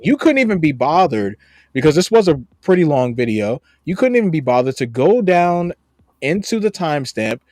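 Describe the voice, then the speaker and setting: A man's voice: on the high side, a little mellow, no echo, clean studio sound. A man from the United States co-hosting a podcast, reacting to viewer comments in a blunt, profane, sarcastic way. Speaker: podcast co-host.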